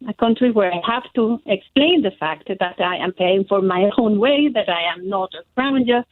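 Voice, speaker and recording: A woman's voice: medium pitch, moderate pace, no room sound. Earnest woman caller on a tinny phone line. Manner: earnest, heartfelt storytelling. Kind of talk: phone-in call.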